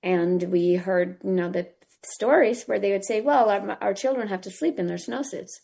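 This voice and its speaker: A woman who founded a nonprofit, speaking as a radio interview guest in an earnest, halting way. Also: medium pitch, vocal fry, warm tone, slightly rough.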